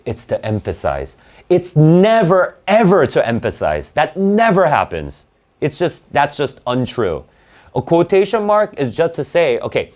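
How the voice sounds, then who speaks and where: A man teaching an SAT class, explaining in bursts and checking in with "right?" and "okay?". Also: medium pitch. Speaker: SAT tutor. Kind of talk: live online class lecture.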